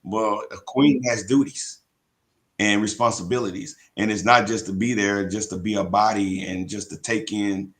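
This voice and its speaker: A man's voice: lowish voice, fairly even intonation, moderate pace, a bit bright. A man co-hosting a live faith podcast, chatting casually, reading viewer comments and scripture aloud. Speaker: podcast co-host. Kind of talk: casual faith talk show chat.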